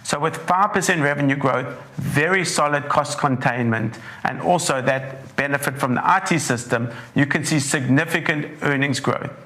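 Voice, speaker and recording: A man, a portfolio manager with a croaky, hoarse throat, giving a measured webinar presentation that walks through charts. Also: on the high side, bright, forceful tone. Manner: measured, leans on "importantly", walks through slides.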